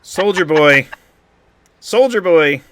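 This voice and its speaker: A man's voice: fairly high pitch, animated, slow pace, fairly bright tone, dry recording. A man playing a male constable who acts as a gang enforcer, talking bluntly and with threat. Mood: threatening.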